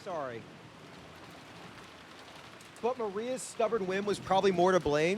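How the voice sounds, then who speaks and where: A man streaming a game live, reading its text aloud and breaking off into exasperated, cursing outbursts. His pitch swings widely and sits a little high. Faint rain can be heard in the background. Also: unhurried, long pauses, slight background noise. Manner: exasperated, swearing, animated. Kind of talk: live game playthrough with read-aloud narration.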